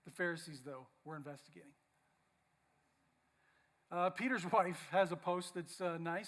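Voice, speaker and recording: High-voiced man preaching with humor. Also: moderate pace, long pauses, a bit bright. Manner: playful, reads mock social posts aloud. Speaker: pastor. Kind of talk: humorous sermon. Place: church.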